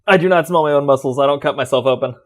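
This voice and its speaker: A man's voice: fairly high pitch, racing. Dry-joking young man cohost. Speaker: podcast co-host. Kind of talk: casual improv chat.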